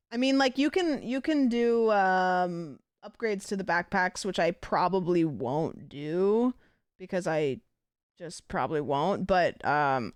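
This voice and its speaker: A woman's voice: lowish voice, smooth, no echo, studio quality. A woman livestreaming a game, chatting casually and swearing freely. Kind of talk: casual chat while gaming.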